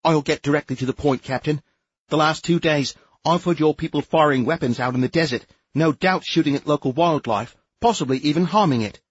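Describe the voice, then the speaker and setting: A man's voice: a little high, a little fast, husky, dry recording, lo-fi sound, pitched above the performer's own voice. A man voicing a stern, haughty alien inspector woman. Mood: accusing. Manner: clipped, haughty and accusing.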